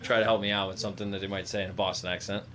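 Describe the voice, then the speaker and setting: A man from Long Island chatting as a podcast guest, rambling and animated, full of "like"s. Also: lowish voice, racing, background noise. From Long Island, New York. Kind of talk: casual chat.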